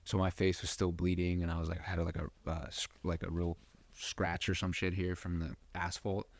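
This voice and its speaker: A man's voice: deep voice, little pitch movement, normal speed. A young man hosting a podcast, telling a personal story in a loose, rambling way, swearing freely and full of fillers. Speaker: podcast host. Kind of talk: casual storytelling.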